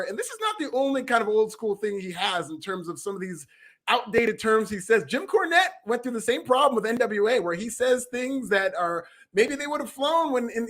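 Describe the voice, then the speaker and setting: A man's voice: sits high, a bit bright. A man co-hosting a news podcast, giving earnest, thoughtful commentary in casual chat. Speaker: podcast co-host.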